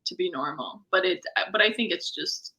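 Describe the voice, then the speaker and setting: A woman comedian from Missouri speaks with a folksy Midwestern accent and a bright voice. She chats casually as a guest, laughing often and making fun of herself. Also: on the low side, moderate pace, low-quality recording. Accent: folksy Midwestern American. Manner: laughs often, self-deprecating. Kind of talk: casual chat.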